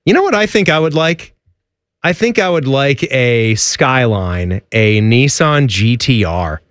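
Man, relaxed podcast chat, lots of "like", lively pitch, dry sound. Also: measured pace, no room sound. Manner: conversational, trailing fillers like "like". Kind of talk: casual chat.

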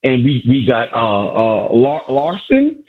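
A man's voice: mid-range voice, huge pitch swings, slow, breathy edge. A man calling into a sports radio show, an exuberant fan who repeats himself and stumbles over his words. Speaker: caller. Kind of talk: excited sports radio call-in. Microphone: phone from a car. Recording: muffled lo-fi phone line.

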